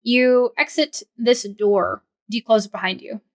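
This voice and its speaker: A woman's voice: on the high side, fairly even intonation, a little slow. A woman running a tabletop game as game master, narrating casually with frequent fillers.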